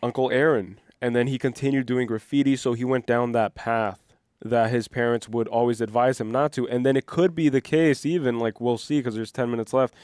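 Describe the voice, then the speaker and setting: A man co-hosting a movie reaction, chatting casually and repeating excited exclamations. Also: medium pitch, fairly quick, smooth, no room sound, studio quality.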